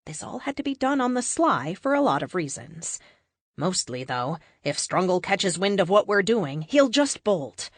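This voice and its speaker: Woman audiobook narrator, first person, lively pitch, dry close studio sound. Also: normal speed, no echo. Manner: expressive storytelling.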